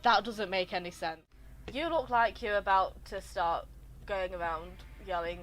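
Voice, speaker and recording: A woman giving live gaming stream commentary through a headset, ranting in an exasperated, animated way. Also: medium pitch, measured pace, a little hiss or hum. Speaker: game streamer.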